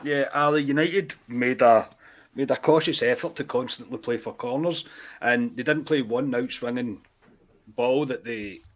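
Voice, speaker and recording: A man's voice: mid-range voice, moderate pace. Man hosting football chat. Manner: questioning, moderating. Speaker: podcast host.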